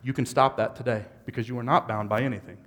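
A man's voice: medium pitch, fairly even intonation, fast, big-room sound. A man preaching a sermon as a pastor, moving from easygoing asides to fervent, rising exhortation. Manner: builds from conversational to impassioned shouting.

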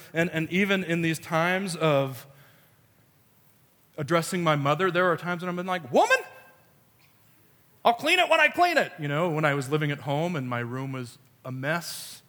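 A man's voice: on the high side, a bit bright, big-room sound. A man preaching a sermon, telling a family story with playful quoted voices. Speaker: pastor.

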